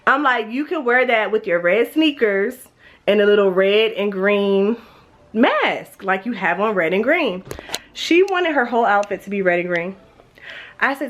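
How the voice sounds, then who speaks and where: Filming a vlog at home indoors, a young mother rambles casually with many fillers. Her congested, stuffy voice is mid-range, animated, and a little slow.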